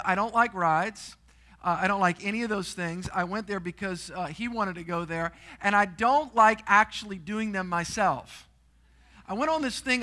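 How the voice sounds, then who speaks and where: Middle-aged guy preaching in church, really high bright voice, animated storytelling. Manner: storytelling, animated, shouts and screams for effect. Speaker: guest preacher. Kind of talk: sermon. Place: church auditorium.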